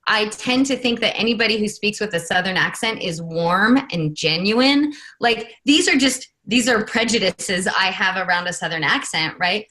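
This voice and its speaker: A woman's voice: mid-range voice, lively intonation, moderate pace, hardly any pauses, pushed and bright. A woman from California hosting a podcast interview, talking in an enthusiastic, reflective way and laughing easily. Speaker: podcast host.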